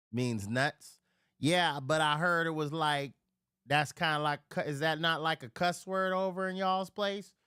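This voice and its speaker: A man on a casual livestream, drinking while he chats. He rants in profane, rambling bursts, swinging from loud outbursts to low mutters, speaking from home. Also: takes it slowly, long pauses, smooth, dry recording, clean studio sound. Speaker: live streamer. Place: at home near a refrigerator.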